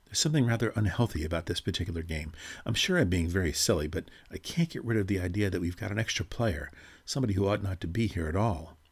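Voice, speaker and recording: A man voicing a kind, chatty woman guest who is a little uneasy, talking in a quick, confiding way. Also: low voice, animated, slightly rough, heavily acted.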